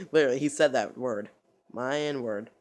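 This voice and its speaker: A man's voice: mid-range voice, measured pace, a little mellow. A man vlogging, telling a story in a loose, rambling way full of cursing and stumbling restarts.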